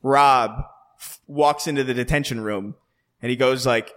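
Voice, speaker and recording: A young man co-hosting a podcast, telling stories in casual chat with plenty of swearing and animated restarts. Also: medium pitch, normal speed. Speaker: podcast co-host.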